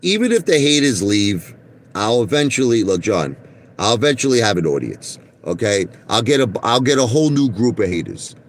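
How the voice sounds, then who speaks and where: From inside his car, this Brooklyn vlogger, a middle-aged man from New York, spins boastful, meandering tales for his viewers and keeps repeating "listen to me" and "okay?". He speaks at normal speed in a voice on the low side with big swings in pitch.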